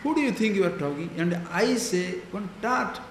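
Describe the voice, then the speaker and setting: A man's voice: sits high, lively intonation, moderate pace, echoey room, slight background noise. A man acting a boastful, angry rich contractor. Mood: indignant. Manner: boastful, indignant. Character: arrogant rich male contractor demanding food.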